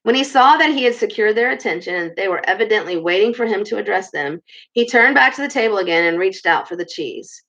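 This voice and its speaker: A woman's voice: medium pitch, lively intonation, quick pace, pushed and bright, muffled recording. A woman reading a children's book aloud, stopping to comment casually on the story. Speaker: storybook reader.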